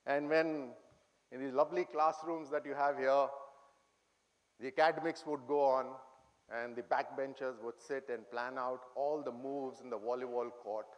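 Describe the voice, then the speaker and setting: A man's voice: mid-range voice, fairly even intonation, moderate pace. A middle-aged man with an Indian English accent, speaking to cadets in an auditorium, telling humorous memories and quizzing his listeners. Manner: humorous, reminiscing, quizzes the audience. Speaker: guest speaker addressing cadets. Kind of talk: anecdotal speech to an audience.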